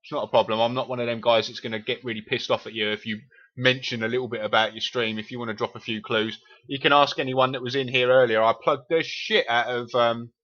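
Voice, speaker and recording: A man's voice: mid-range voice, bright, forceful tone, dull audio. A man from East London with a Cockney accent, chatting casually and swearing freely with viewers while streaming a game. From England.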